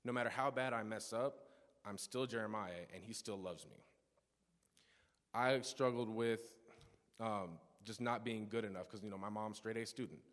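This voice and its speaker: A man's voice: on the low side, moderate pace, a bit bright. A young man in his teens gives an earnest personal testimony in a church service, telling stories with frequent restarts and asides. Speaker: youth speaker giving a testimony. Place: church sanctuary. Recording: long church reverb.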